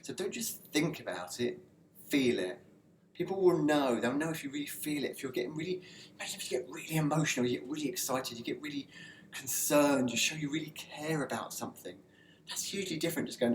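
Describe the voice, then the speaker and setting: A man's voice: mid-range voice, lively intonation, brisk. A man who works as a personal development coach gives a loose, conversational motivational talk to camera, with frequent fillers and restarts. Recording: echoey room with faint ambient noise.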